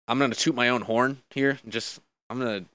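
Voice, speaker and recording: Young man, podcast guest, animated chatty delivery, dry close sound. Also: medium pitch, brisk, smooth, no room sound. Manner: animated, lots of fillers and quoted voices. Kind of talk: casual podcast chat.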